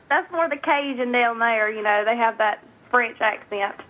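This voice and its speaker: A woman's voice: a little high, expressive, measured pace. A woman with a Southern Louisiana accent, a guest telling stories in a chatty, easy way. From northern Louisiana. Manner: storytelling, chatty, laughs easily. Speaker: guest, online video creator. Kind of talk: casual phone interview chat. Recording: tinny phone line.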